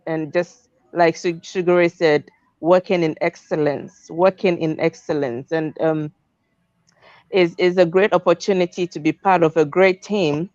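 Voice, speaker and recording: A woman guest speaking slowly in a motivational, lightly giggly way. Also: fairly low pitch, darkish tone, clear, resonant tone, no echo. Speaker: guest on publishing show. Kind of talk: casual motivational chat. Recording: dry, dull lo-fi audio.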